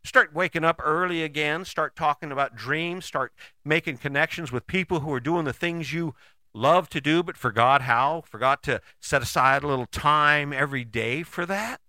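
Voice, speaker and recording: A man's voice: on the high side, moderate pace, pushed and bright, dry recording. A man giving a casual motivational talk, folksy and chatty, who often adds "right?" and acts out quoted people in short bits. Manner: often tags sentences with "right?".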